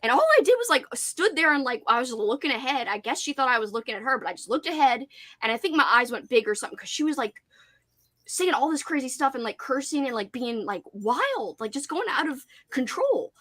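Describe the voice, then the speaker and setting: A woman hosting a casual livestream chat, telling an animated story with "like" in nearly every sentence. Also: high-pitched, brisk. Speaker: host.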